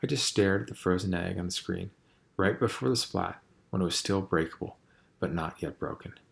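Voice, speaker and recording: A man reading a novel aloud in a measured, quiet storytelling manner. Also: deep voice, creaky. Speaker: audiobook reader.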